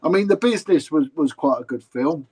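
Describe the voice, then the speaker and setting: A man's voice: fairly high pitch, expressive, brisk, darkish tone, husky, low-quality recording. A man with a London accent, a former police officer telling stories in a casual, blunt interview way. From England. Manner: chatty, repeats words and restarts, blunt.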